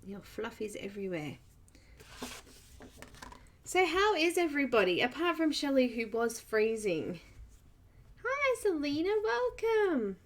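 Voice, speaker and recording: A slightly croaky woman with a fairly high voice, talking slowly and easily as she hosts a live coloring session. She chats with viewers, greets them one by one and laughs often. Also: very animated. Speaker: art channel host. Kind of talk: live-stream coloring tutorial chat.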